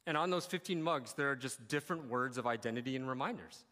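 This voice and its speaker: Earnest pastor preaching in a reverberant hall. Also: male voice, mid-range voice, quick pace, sharp tone. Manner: candid storytelling, emotional, conversational. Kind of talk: sermon.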